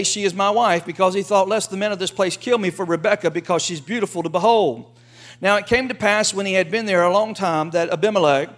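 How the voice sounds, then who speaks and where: High-voiced lively preaching man. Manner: lively, folksy preaching with acted quotes. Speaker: pastor. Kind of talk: sermon.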